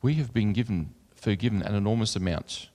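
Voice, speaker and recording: Here a preacher with a lowish, warm voice moves briskly through his sermon. He's earnest over the scripture but loose and chatty in asides full of fillers, all echoing in a long hall reverb.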